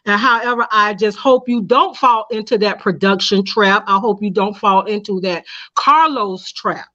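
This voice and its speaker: A woman's voice: medium pitch, moderate pace, sharp tone. Earnest woman on dull lo-fi audio. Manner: earnest, straight-talking advice. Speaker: panel guest. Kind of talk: casual chat.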